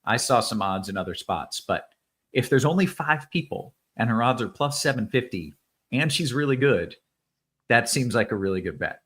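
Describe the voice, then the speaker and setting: An upbeat man hosts a casual sports betting show with a mid-range voice. He moves quickly between promo reads and viewer questions, laughing easily as he goes. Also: medium pitch, animated, fairly bright tone. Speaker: host.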